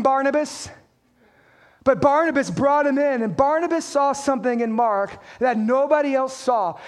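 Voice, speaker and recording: A man preaching a sermon as a pastor, talking straight to his congregation with emphatic points and playful jokes. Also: very high voice.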